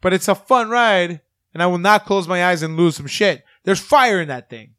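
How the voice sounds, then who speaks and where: A man's voice: sits high, lively intonation, moderate pace, sharp tone, dry recording, studio quality. A man in casual, profane chat, talking enthusiastically and laughing often.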